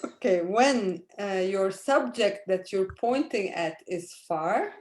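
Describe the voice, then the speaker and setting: A woman teaching a language lesson online, drilling words with her students slowly and patiently. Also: medium pitch, lively intonation, a little mellow. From Arab world. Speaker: Arabic teacher.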